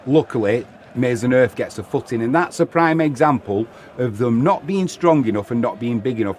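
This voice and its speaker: A man's voice: medium pitch, lively intonation, a little fast, few pauses, a little mellow, a little hiss or hum. A man hosting live football commentary, chatting and reading out viewer comments between plays. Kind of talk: live watch-along commentary.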